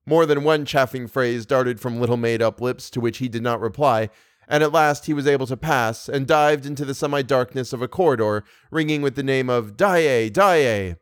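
A man narrating a classic novel in a measured, even reading voice. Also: medium pitch, no echo, clean studio sound. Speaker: audiobook narrator. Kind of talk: scripted narration.

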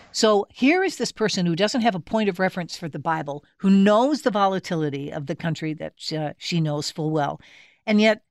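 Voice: mid-range voice, no room sound, studio quality. A radio show host asking long, leading questions and praising the guest's work. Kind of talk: interview.

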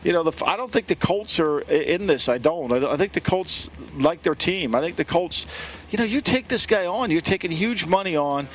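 Higher-voiced co-host, rambling restarts. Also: male voice, lively intonation, moderate pace, slight background noise. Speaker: show co-host. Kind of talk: casual sports talk.

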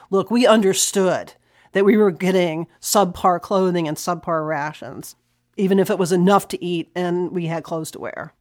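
A woman explaining historical sources in an animated, conversational way, reading quotations aloud. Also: lowish voice, dry recording, clean studio sound. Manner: animated, reads quotes aloud with laughs. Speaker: historian guest.

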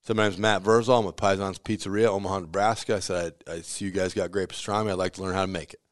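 A man with a very low voice runs through stories from his pizzeria kitchen in an easy, chatty way. He slips into the voices of the people he quotes and laughs along as he goes. The sound is close and dry, with no room around it. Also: quick pace, no echo. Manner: animated storyteller who acts out quoted voices, laughs often. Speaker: pizzeria owner. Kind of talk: casual storytelling interview.

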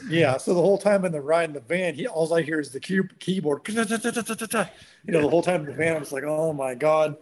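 A man telling a long story in casual conversation, animated and acting out what others said. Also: fairly high pitch, a little fast. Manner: animated, acts out quotes of others. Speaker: guest.

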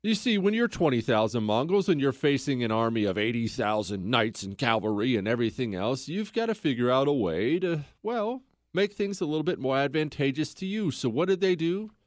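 A man's voice: medium pitch, expressive, fairly quick, hardly any pauses, no echo. Casual storytelling man, dry voice. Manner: conversational, rhetorical questions. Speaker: podcast host.

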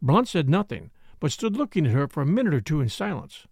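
A man reading a novel aloud in a measured, expressive narration. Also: a little high, gravelly, no room sound, clean studio sound. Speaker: audiobook reader. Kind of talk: scripted narration.

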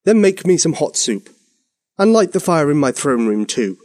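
A man's voice: a little high, very animated, moderate pace, darkish tone, dry recording, studio quality. A man playing a grumpy, bossy storybook king. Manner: huffy, commanding, spluttering.

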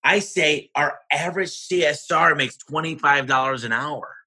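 A man who owns a home services business, talking in a lively podcast conversation and acting out the exchanges he has with other owners. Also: fairly high pitch, moderate pace, rough recording. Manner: animated, acts out his own conversations in quoted voices.

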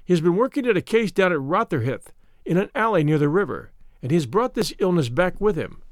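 Brief: man as anxious servant, respectful, pitched up, dry close read. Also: big pitch swings, fairly quick, dry recording. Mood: urgent worried. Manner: urgent, deferential.

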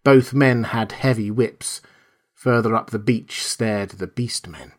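A man reading a classic novel aloud in the first person, in a measured, steady storytelling manner. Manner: measured, steady storytelling that voices quoted lines with a raised pitch. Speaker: audiobook narrator.

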